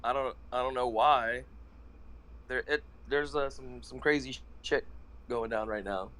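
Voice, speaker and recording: A man playing a tabletop role-playing game, speaking in character in a quiet, offhand way. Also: mid-range voice, a little slow. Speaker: player.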